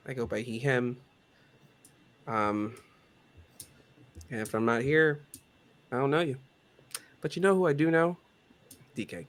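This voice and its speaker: A man's voice: medium pitch, fairly even intonation, measured pace, long pauses. A man introducing himself as a player, playful and jokey. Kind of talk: casual stream introduction.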